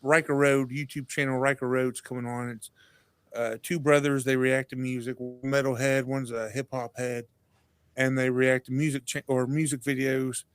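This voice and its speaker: A man's voice: mid-range voice, moderate pace, smooth, no room sound. A man guesting on a podcast, chatting casually and acting out the voices in his stories. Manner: animated storyteller, acts out quotes. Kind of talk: casual chat.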